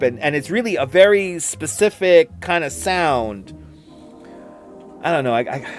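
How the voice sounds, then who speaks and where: A middle-aged New York man talks loosely to his live-stream viewers, circling back over the same phrases and laughing as he goes. His voice sits a little high for a man. Faint music plays under him. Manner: rambling, repeats phrases, laughs often. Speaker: livestream host. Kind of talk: casual live-stream chat reading viewer comments. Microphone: computer streaming setup.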